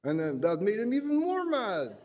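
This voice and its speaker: A man's voice: high-pitched, huge pitch swings, normal speed, darkish tone. A man presenting at an education forum, telling rambling, self-deprecating anecdotes with many restarts. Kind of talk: anecdotal storytelling talk.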